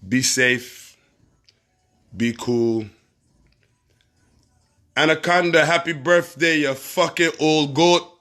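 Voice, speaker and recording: A man with a Barbadian accent hosts a casual livestream, reading viewer comments and giving shout-outs in a laid-back, profane way, laughing often. His voice is a little high and slow, with long pauses.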